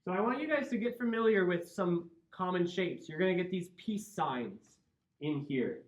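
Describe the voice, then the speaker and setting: A man's voice: high voice, lively intonation, moderate pace. Man, Midwestern accent, classroom lecture, checks in with students, echoey room. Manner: explains step by step, checks in with students. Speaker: chemistry teacher. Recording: roomy, dull lo-fi classroom recording.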